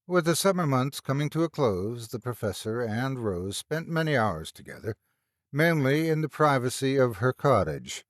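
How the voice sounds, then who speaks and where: A man narrating a story in a measured, expressive storytelling style, close to the mic. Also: mid-range voice, dry recording.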